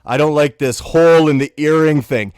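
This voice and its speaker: Male co-host, grumbling deadpan ranter, slightly high voice, dry sound. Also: normal speed, clear, resonant tone, no echo. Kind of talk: comedy podcast rant.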